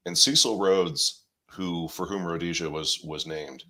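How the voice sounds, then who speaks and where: A man's voice: sits low, a little slow, sharp tone. A man talking casually as a podcast guest, giving long, meandering explanations. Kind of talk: casual chat.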